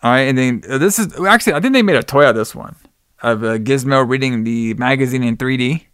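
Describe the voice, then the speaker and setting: A man's voice: medium pitch, quick pace, a bit bright, smooth, no echo, clean studio sound. A man co-hosting a podcast, recapping a film scene by scene and acting out the characters' lines. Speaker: podcast co-host.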